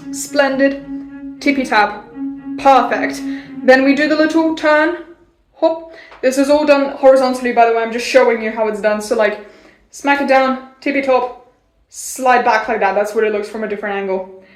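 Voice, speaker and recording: A woman giving a casual violin lesson in a playful, jokey way, with theatrical asides. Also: high-pitched. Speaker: violin teacher. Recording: roomy echo.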